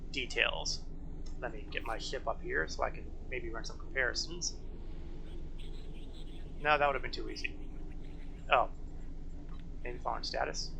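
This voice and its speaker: A man's voice: mid-range voice, gravelly, bright, forceful tone, a little hiss or hum, poor audio. A man casually commenting while playing a game on a live stream, chatty and self-mocking as he thinks aloud.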